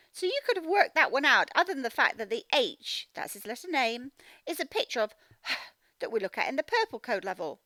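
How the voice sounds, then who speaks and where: A woman teaching phonics to young children, reading a picture book aloud and slowly sounding out each word. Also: fairly high pitch, no echo. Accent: Australian. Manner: slow, sounding out words, expressive storybook reading.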